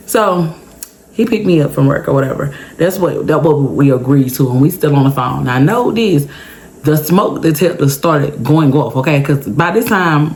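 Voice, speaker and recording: A woman casually telling a personal story to her viewers in a chatty, animated way, often checking in with "okay?". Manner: big pitch jumps for emphasis. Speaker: storytime vlogger.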